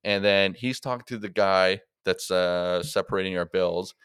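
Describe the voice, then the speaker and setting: A young man speaks in a lowish, smooth, resonant voice. He tells a rambling story in casual podcast chat, leaning on fillers, and the sound is dry and close to the mic. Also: moderate pace, a bit bright, no echo. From Canada. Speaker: guest comedian.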